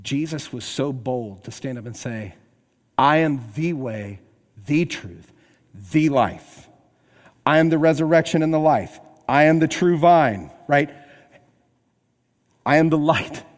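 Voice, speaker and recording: Male pastor, mid-high voice, emphatic sermon delivery, long hall reverb. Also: expressive, slow, long pauses. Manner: emphatic, swings between loud and hushed.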